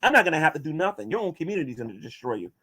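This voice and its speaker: His voice is a little high, sing-song and racing, with a bright, forceful tone. In a casual vlog monologue he responds to viewer questions and combatively addresses critics, often restarting sentences.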